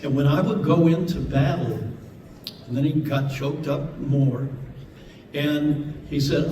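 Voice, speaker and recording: A man on a convention panel telling a heartfelt story to a live audience, earnest and halting, often repeating words. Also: fairly high pitch, steady tone, mellow. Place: large convention hall. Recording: echoey hall from far off with noise.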